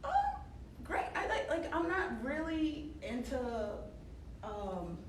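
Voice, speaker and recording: A woman's voice: sits high, big pitch swings, slow pace. A woman in her thirties, a wrestler chatting as a radio interview guest, talking with lots of fillers and laughs. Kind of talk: casual radio interview chat. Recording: roomy, distant mic, noisy background.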